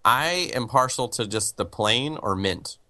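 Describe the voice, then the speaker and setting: A man hosting a podcast, playful and quick to laugh in casual chat. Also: medium pitch, expressive, crowd noise. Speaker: podcast host.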